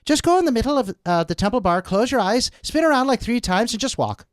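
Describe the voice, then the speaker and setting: A chatty Irish hotel concierge, put on by a man, gives directions in a lilting, high voice. His Irish accent is warm and friendly. The sound is close and dry. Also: big pitch swings, fast talker, no echo. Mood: cheerful.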